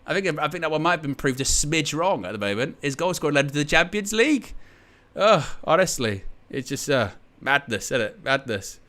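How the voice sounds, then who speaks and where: A man hosts a live football stream and talks casually to his chat. His voice is bright and forceful, and he rambles in a jokey, sarcastic way. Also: fairly high pitch, very animated, fairly quick. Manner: chatty, rambling, jokey and sarcastic, often laughing.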